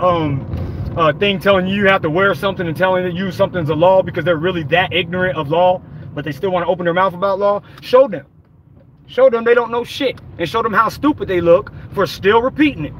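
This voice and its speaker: A man's voice: high voice, fairly bright tone, a little hiss or hum. A man giving an angry, profane, rambling rant while driving, recorded on a phone in his car. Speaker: vlogger. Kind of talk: ranting vlog while driving.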